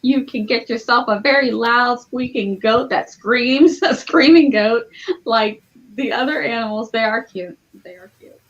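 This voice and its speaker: A woman's voice: fairly high pitch, a little slow. A woman co-hosting a casual book podcast, chatting loosely with frequent fillers. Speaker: book club co-host. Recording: slightly dull lo-fi audio.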